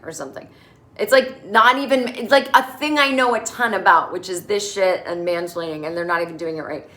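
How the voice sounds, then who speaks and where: A middle-aged woman hosting a casual comedic recap, sarcastic and animated, quick to mimic characters in exaggerated voices. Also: fairly low pitch. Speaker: podcast host recapping a TV episode.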